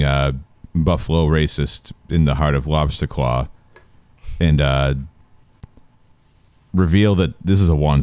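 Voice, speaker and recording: A man's voice: low-pitched, mellow, smooth, no room sound. A man co-hosting a casual podcast, rambling through a crude improvised story with lots of fillers. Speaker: podcast co-host running a story game. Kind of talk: casual crude chat with friends.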